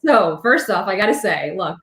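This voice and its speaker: A woman reporter chats as a podcast guest, and her stories come out animated, with quick jumps to a high voice when she quotes people. Her voice has a middle pitch for a woman. The room around her is echoey. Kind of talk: casual interview talk.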